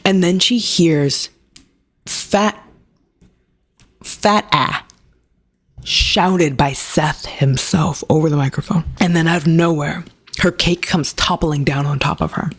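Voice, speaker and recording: A woman's voice: sits low, fairly even intonation, unhurried, slightly rough. A woman book reviewer retelling a plot in a chatty way, with sarcastic asides. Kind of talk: casual book review rant.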